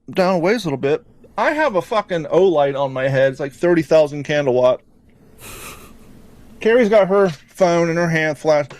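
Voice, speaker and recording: High-voiced man telling a wild story. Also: no room sound. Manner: animated, profane, rambling storytelling. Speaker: podcast host. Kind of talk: casual podcast storytelling.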